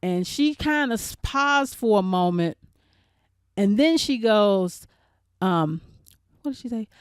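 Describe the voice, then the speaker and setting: A woman's voice: medium pitch, lively intonation, slow pace, smooth, no echo, studio quality. A woman hosting her channel, casually recapping a TV episode in a chatty, rambling way with lots of fillers and restarts. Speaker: show reviewer and channel host.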